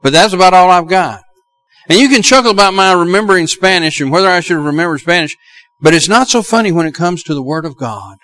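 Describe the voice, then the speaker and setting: A middle-aged male pastor with a Southern US accent delivers a sermon. His voice sits high for a man. He talks earnestly and climbs into emphatic, urgent exhortations. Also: expressive, fast, bright, forceful tone, poor audio.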